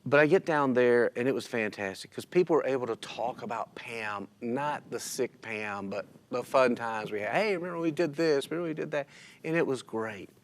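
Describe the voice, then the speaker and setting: A man's voice: mid-range voice, moderate pace. A man telling a personal story of loss in a casual church interview, tearful and emotional, quoting himself and others as he goes. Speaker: church member sharing his story. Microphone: church stream recording.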